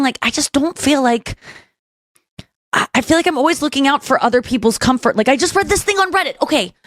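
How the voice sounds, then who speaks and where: A woman's voice: mid-range voice, no room sound. Frank, rambling woman podcast host, dry sound. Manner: frank, rambling, quick asides. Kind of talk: casual podcast chat.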